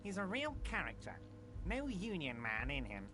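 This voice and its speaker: A performer voicing a large, scheming union boss who talks in a smooth, ingratiating, falsely reassuring way. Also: mid-range voice, wildly swooping pitch, normal speed.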